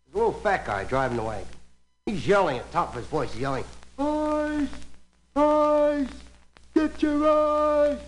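A man's voice: sits high, rough recording. A man telling folksy jokes as a stand-up comedian, laughing at his own stories before a live audience. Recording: archival live recording with music and audience.

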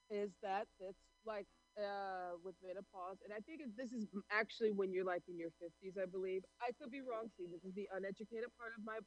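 A woman co-hosting a casual talk show, speaking emphatically with halting restarts. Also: medium pitch, poor audio. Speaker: podcast co-host. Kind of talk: casual chat.

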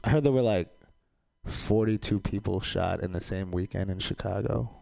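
A young adult man performing a stand-up comedy set, delivering deadpan one-liners that break into loud, high-pitched outbursts. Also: moderate pace, creaky.

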